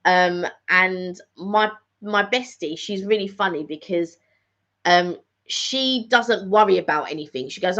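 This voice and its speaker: A woman's voice: on the low side, a little slow, a bit bright. A middle-aged woman, chatting casually and rambling in a live catch-up vlog, often repeating phrases. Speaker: vlogger hosting a live catch-up. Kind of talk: casual chat. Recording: dull lo-fi recording.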